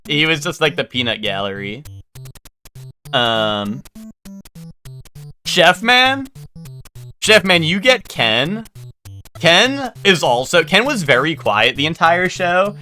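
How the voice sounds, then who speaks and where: A man with a fairly high, bright voice tells a long, rambling story to his live audience. His pitch swings widely as he talks, and he keeps stopping to restart his sentences. Faint music plays underneath. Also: animated, takes it slowly, pauses often. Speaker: livestreamer. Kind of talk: casual livestream chat.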